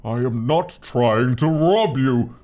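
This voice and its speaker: A man voicing a stern, booming old male wizard in a slow, loud impression. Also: faint music behind, close to an everyday voice.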